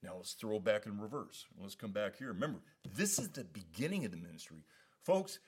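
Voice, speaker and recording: A man teaching a Bible study in a relaxed, conversational way, often asking "you know what I mean?". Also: lowish voice, fairly quick, husky. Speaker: pastor.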